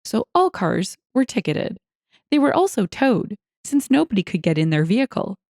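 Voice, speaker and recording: A woman narrates stories in a scripted, expressive read. Her pitch swings in a lively, animated way, and she adds wry asides between the lines. The recording is dry and close, with no room sound. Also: normal speed, no echo. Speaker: storyteller reading online stories.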